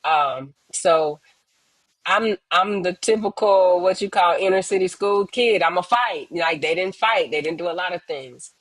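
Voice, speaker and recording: A woman tells her own hard story as a guest on a remote call, earnest and slow, often pausing and acting out the voices of others. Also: lowish voice, no room sound, poor audio. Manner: earnest, pauses often, acts out quoted voices. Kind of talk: emotional personal testimony, slow and reflective.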